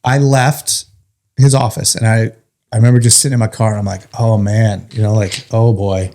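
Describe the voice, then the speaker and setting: A man with a middle-pitched voice tells his own story in a loose, joking podcast chat. He acts out what others said as he goes, with a firefighter's plain way of talking. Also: fairly quick, gravelly. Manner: animated, joking, acts out quotes. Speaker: firefighter guest. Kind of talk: casual storytelling.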